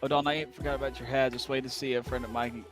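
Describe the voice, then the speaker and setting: A man co-hosting a casual podcast chat, loud, profane and excitable. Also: mid-range voice, rapid-fire, music in the background. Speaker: podcast co-host. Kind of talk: casual race-reaction chat.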